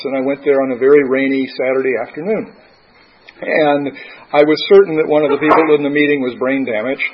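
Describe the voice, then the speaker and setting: Guy sharing his recovery story, kinda husky, dull lo-fi sound. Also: medium pitch. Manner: candid, conversational storytelling. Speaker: recovery meeting speaker. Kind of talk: personal recovery testimony. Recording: dull lo-fi recording.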